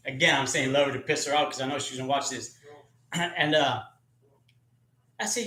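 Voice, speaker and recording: A man's voice: fairly high pitch, a little fast, pauses often, sharp tone, reverberant. A man hosting a live stream, telling rambling, profane, joking stories about his sister. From California. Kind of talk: casual storytelling.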